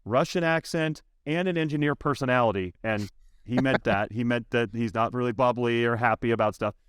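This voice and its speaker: A male sales coach talks in a podcast interview, emphatic and animated as he tells his stories. His voice sits at an ordinary middle pitch. The sound is close and dry, with no room around it. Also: brisk, clear, resonant tone, no echo. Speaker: software sales coach, guest.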